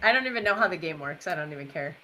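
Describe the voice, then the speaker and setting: A woman's voice: sits low, animated, rapid-fire, bright, forceful tone, a little hiss or hum, rough recording. Sex: woman. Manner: chatty and rambling. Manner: chatty, rambling, self-deprecating. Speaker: watchalong co-host. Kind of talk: casual chat over a live match.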